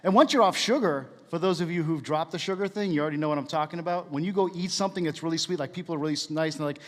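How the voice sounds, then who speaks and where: A man's voice: on the high side, racing, few pauses, fairly bright tone, long reverb tail. A man giving a casual, jokey church talk, asking the room questions as he goes.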